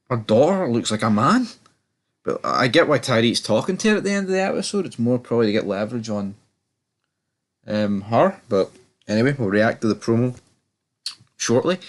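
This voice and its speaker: A man's voice: mid-range voice, lively intonation, moderate pace, pauses often. A young man giving a casual, rambling review of a TV episode, often stammering and restarting, sounding exasperated. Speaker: TV review channel host.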